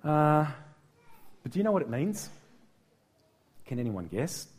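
A middle-aged man with an Australian accent delivers a sermon, his voice sitting a little high. He is playful and animated, asking the congregation questions and getting them to repeat words back to him. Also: unhurried, slightly rough. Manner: lively, playful, addresses the congregation directly. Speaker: pastor.

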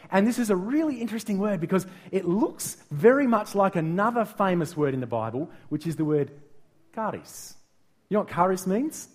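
A middle-aged man with an Australian accent delivers a sermon, his voice sitting a little high. He is playful and animated, asking the congregation questions and getting them to repeat words back to him. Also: breathy edge. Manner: lively, playful, addresses the congregation directly. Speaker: pastor.

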